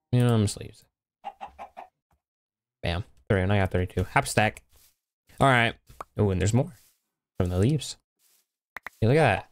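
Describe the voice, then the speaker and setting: A young man giving casual, rambling commentary while playing a block-building game, talking to himself as he goes. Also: lowish voice. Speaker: gaming YouTuber. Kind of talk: casual Minecraft let's play commentary.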